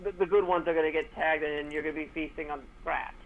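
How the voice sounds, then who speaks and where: A man co-hosting a casual sports chat, his voice a touch higher than most. He leans on sarcasm and drifts into loose, rambling asides. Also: steady tone, fast talker, narrow, tinny audio. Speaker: co-host.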